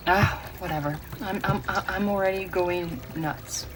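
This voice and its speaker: A woman's voice: medium pitch, fairly even intonation, measured pace, noisy background. A woman from Brazil giving a tarot reading, earnest and emotional, often restarting her words. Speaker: tarot reader.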